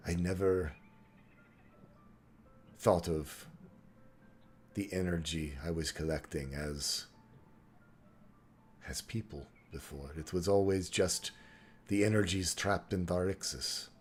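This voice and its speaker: A man's voice: deep voice, soft background music. A man doing a stammering, awed scholar. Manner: stammering, slow and hushed. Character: awed male scholar, hesitant and reverent.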